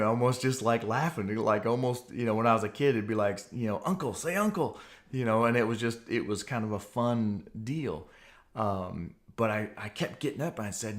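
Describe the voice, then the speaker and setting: A man in his forties, a podcast host, earnestly telling a personal testimony in an animated way. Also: on the low side, moderate pace.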